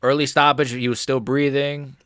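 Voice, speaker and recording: A man's voice: mid-range voice, level tone, moderate pace, fairly bright tone, no room sound, clean studio sound. A man hosting a live stream, reacting to a fight in a casual, rambling, profane way.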